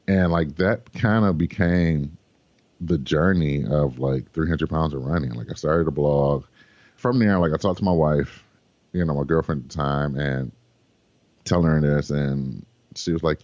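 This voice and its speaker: A man with a very low voice tells a long story as an interview guest. He acts out the quoted lines with energy. The sound is dull and lo-fi, recorded in a dry space. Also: moderate pace, no room sound. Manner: animated, acts out quoted dialogue. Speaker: guest, runner.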